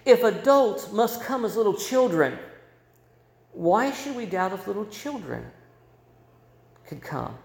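High-voiced preacher man in an echoey church. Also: big pitch swings, slow, vocal fry, long pauses. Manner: storytelling, swings between loud and hushed. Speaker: pastor. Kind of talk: sermon. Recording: roomy echo.

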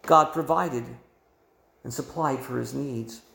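A man's voice: mid-range voice, slow pace, gravelly, a bit bright. A male pastor preaching a sermon with emphatic delivery, his voice swelling and dropping. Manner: emphatic preaching with rising and falling volume. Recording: roomy echo.

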